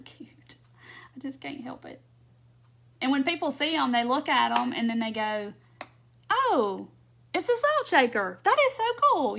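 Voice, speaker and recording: A woman's voice: on the high side, fairly bright tone. A woman hosting a casual live craft demonstration, chatty, laughing often and answering viewers' comments. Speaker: craft tutorial host. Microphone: phone or camera mic on a live stream.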